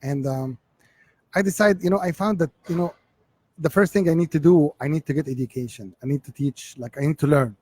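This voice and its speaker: Halting Egyptian-accented man, dark tone. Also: fairly high pitch, husky. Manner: halting, repeats words as he searches for English. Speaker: interview guest, realtor. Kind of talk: casual interview storytelling.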